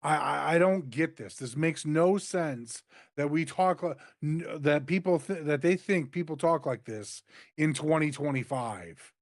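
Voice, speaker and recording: A man's voice: fairly high pitch, measured pace, no room sound, clean studio sound. A man co-hosting a wrestling review in casual chat, blunt and dismissive. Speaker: wrestling show co-host.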